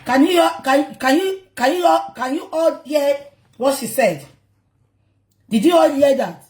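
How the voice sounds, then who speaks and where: A Nigerian woman hosts a live gossip stream, indignant and pressing her viewers with repeated questions. Her voice sits fairly high and rings in a roomy, echoing space. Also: lively intonation, a little slow, darkish tone. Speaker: livestream host. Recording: roomy echo.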